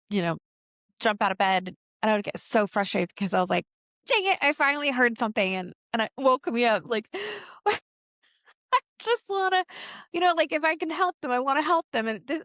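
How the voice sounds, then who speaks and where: Woman podcast co-host, mid-pitched, chatty and animated, dry close recording. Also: dry recording. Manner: animated storyteller. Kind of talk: casual podcast chat.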